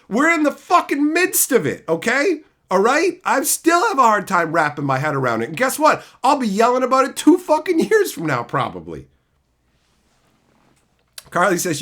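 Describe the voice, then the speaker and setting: A male streamer ranting at full heat, swearing constantly and mocking his targets. His voice swings widely in pitch, climbing and dropping with every outburst, and has a bright, forceful edge. The rant often rises to shouting. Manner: profane, heated, mocking, shouting at times. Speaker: streamer host. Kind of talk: angry livestream rant, reading chat.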